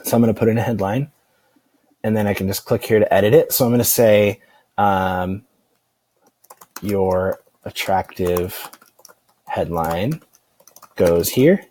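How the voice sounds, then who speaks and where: Low-voiced man giving a casual tutorial. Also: fairly quick, no echo. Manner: relaxed, rambling, many fillers and restarts. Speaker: online marketing instructor. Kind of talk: casual screen-recorded software tutorial.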